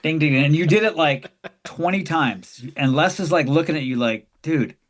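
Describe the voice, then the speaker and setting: A man chatting casually as a podcast guest, telling animated road stories, acting out other people's voices and swearing freely. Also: fairly high pitch, normal speed. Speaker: guest, tour crew member. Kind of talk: casual chat.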